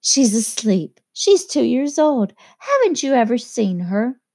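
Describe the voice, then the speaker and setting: Gushy charming young society girl, airy and lilting up high, read by a woman. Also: sing-song, a little slow, warm tone, full character voice. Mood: gushing.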